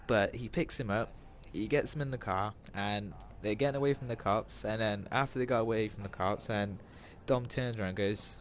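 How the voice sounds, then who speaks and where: A man's voice: lowish voice, normal speed, hardly any pauses. A man gives casual gameplay commentary, retelling a film in a rambling way full of restarts and asides. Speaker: gamer retelling a film while playing. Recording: loud car and game noise behind.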